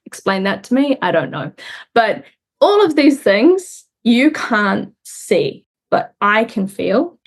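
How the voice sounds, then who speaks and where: A woman's voice: mid-range voice, very animated. A young woman from New Zealand, a guest in an interview, speaking earnestly and reflectively about her own experience. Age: young adult. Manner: reflective, earnest, pauses and restarts while recounting. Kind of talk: candid conversational interview.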